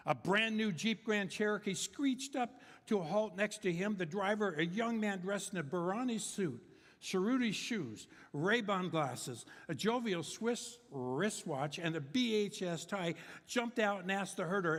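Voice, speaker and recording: Rambling older preacher in a reverberant hall. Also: male voice, high voice, expressive, a little slow, a bit bright. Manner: rambling, joking, with many fillers and restarts. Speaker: guest preacher. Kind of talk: humorous sermon storytelling. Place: church sanctuary. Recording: long hall reverb in a church.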